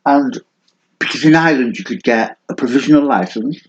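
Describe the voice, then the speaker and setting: A man's voice: medium pitch, brisk. A man in his fifties, a podcast co-host telling stories in casual chat and laughing often. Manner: chatty storyteller, laughs often. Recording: dull lo-fi sound, faint noise.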